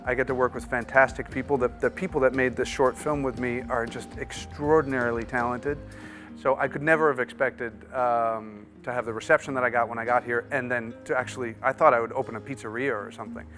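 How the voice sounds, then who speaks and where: A man, an actor, talking casually as a studio guest, relaxed and self-deprecating with stammered restarts. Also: mid-range voice, brisk, faint music behind. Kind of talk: casual interview chat.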